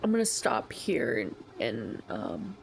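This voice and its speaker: Young woman telling her story real slow, gravelly fry, goes whispery at times, faint background hum. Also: extremely low pitch, sing-song, low-quality recording. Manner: slow, emotional, drops into soft whispers. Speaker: vlogger. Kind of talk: personal storytelling.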